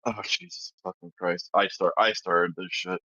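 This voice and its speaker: A man's voice: low-pitched, steady tone, moderate pace, sharp tone, dry recording. Wisconsin man on a dull, dry line. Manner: dry and defensive, swearing, laughing. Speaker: call-in guest. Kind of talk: casual chat.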